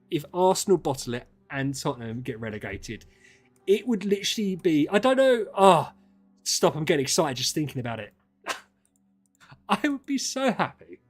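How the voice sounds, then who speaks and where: Young streamer, slightly higher voice, heated rants, swears a lot. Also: male voice. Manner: ranting, animated, swears freely. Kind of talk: casual livestream chat.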